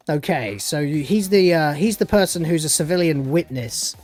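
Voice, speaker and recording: A man's voice: on the high side, lively intonation, normal speed, few pauses, darkish tone, soft background music. A man giving a casual spoken recap of a TV episode as a reviewer, sarcastic and dismissive, rambling with many fillers. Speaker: show reviewer.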